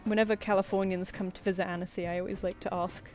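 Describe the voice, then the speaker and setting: A woman's voice: medium pitch, flat delivery, fast, darkish tone, soft background music. Chatty woman telling anecdotes. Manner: chatty, anecdotal, laughs often, acts out quoted voices. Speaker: artist streaming live commissions. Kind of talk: casual chat while drawing on stream.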